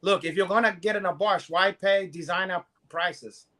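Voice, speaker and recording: A man with a Brazilian Portuguese accent, a podcast co-host trading goofy jokes and loud impressions in casual banter. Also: sits high, moderate pace. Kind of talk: joking banter.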